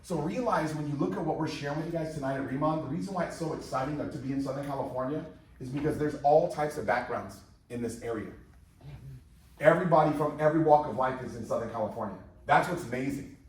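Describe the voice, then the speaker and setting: A man in his fifties giving an energetic, repetitive motivational sales presentation to a live audience in a large room, rallying the crowd. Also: mid-range voice, a little hiss or hum. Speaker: company presenter. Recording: very echoey hall, mic far off.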